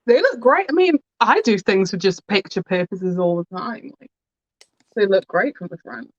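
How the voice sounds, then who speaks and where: A woman's voice: mid-range voice, expressive, moderate pace, no room sound. A woman, a guest on a makeup livestream, chatting casually and laughing at herself. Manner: giggly, self-deprecating. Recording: dull, dry video-call audio.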